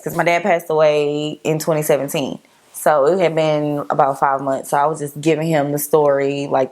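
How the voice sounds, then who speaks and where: Low-voiced woman telling a story. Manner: relaxed, rambling, lots of "like". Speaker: co-host telling a couple's story. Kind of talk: casual storytelling.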